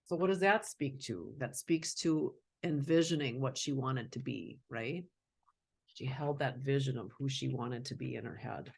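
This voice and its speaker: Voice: medium pitch, moderate pace, vocal fry, slightly rough. A host reading a children's picture book aloud and adding casual commentary and laughing asides.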